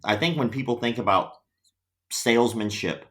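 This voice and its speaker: In a casual interview chat, a man appearing as a podcast guest tells stories in a mid-range voice at normal speed. He is an animated storyteller who acts out the voices of the people he quotes.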